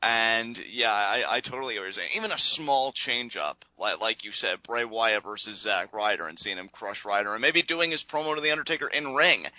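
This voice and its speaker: Man, very bright forceful voice, dry sound, hesitant, rambling, casual podcast chat. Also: fairly low pitch, a little fast, hardly any pauses, no room sound, poor audio. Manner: hesitant, rambling, many fillers and restarts. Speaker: podcast co-host. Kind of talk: casual wrestling review chat.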